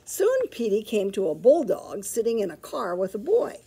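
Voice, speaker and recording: A woman librarian reading a picture book aloud to children, with expressive, animated storytelling. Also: medium pitch, normal speed, husky.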